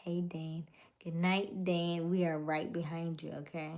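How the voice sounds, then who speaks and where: A woman, hosting a casual late-night livestream chat in a soft, affirming way that drifts into whispers. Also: fairly low pitch, level tone, slow. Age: 30s. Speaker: livestream host.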